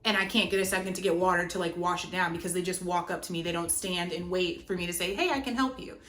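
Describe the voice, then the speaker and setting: A young woman telling a storytime vlog, animated and chatty, with lots of "like". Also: lowish voice, quick pace. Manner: animated, chatty, heavy use of "like". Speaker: vlogger. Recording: roomy echo, faint music. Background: faint background music.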